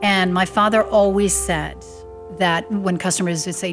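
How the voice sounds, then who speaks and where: A woman with a fairly low voice tells a family story as a lively storyteller. She acts out the people she quotes, lifting her voice for their lines. Soft music plays faintly behind her. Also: measured pace. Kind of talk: anecdotal storytelling.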